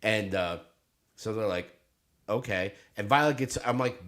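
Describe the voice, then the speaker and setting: A man's voice: fairly low pitch, normal speed, a bit bright. A middle-aged man co-hosting a casual podcast. He tells stories with energy, laughs often and swears casually. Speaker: podcast co-host. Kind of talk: casual chat.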